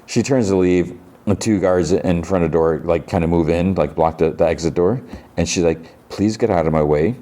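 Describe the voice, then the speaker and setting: A man's voice: deep voice, fairly even intonation, normal speed, dark tone. A man hosting a podcast, casually retelling a TV episode scene by scene, with frequent filler words. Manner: chatty, retells scenes with lots of filler likes. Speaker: podcast host.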